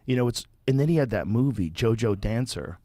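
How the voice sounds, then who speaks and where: A man hosting a podcast, telling stories in a casual, profane, animated way. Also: medium pitch, fairly quick, dry recording, clean studio sound. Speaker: podcast host.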